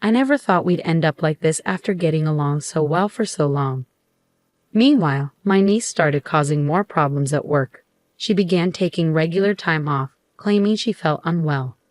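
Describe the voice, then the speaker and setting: A middle-aged woman telling a first-person story in a steady, measured way. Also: low-pitched, no echo. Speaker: narrator.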